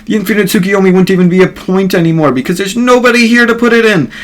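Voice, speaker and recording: A man's voice: mid-range voice, sing-song, normal speed, fairly bright tone. A man voicing an exasperated male schemer who complains in a whiny, indignant way.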